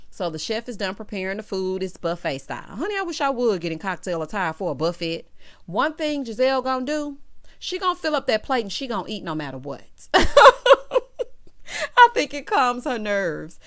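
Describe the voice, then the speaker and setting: Casting note: woman vlogger, sassy recap commentary, mid-pitched voice, playful asides, quick laughs. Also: sing-song. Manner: sassy, drawling asides of "child" and "honey"; laughs at her own jokes. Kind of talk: casual opinionated commentary.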